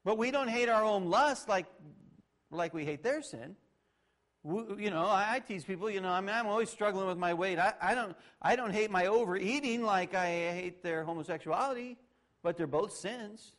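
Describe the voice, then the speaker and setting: Middle-aged male pastor preaching conversationally. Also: normal speed. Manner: conversational, swings from loud sarcastic mock voices to low asides. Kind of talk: sermon.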